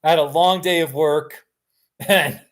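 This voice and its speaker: A man's voice: on the high side, fairly even intonation, measured pace. Middle-aged guy, tired live streamer chatting from his couch, self-mocking, rambling. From United States. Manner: rambling, self-deprecating, laughs often. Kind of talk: casual live stream chat. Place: home, sitting on a couch.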